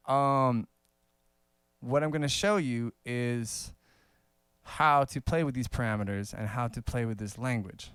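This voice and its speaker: Smooth-voiced man teaching casually. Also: mid-range voice, a little slow, dry recording, studio quality. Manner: relaxed, conversational, many fillers and little laughs. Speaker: saxophone teacher. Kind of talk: casual video lesson.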